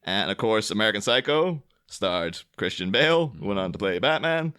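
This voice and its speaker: Chatty bright-voiced man, laughing often. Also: lowish voice, expressive, normal speed, clean tone. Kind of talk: casual podcast chat.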